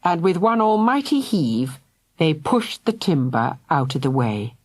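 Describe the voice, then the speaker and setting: A woman narrating a children's audiobook in a lively storytelling manner. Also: low-pitched, measured pace, no echo, clean studio sound. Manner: lively, voices each character.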